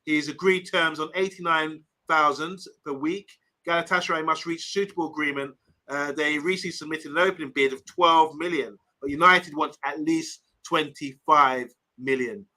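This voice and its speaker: A man's voice: fairly high pitch, steady tone, normal speed, sharp tone, poor audio. A man hosting a casual live stream, reading viewer comments aloud and rambling between topics. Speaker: host.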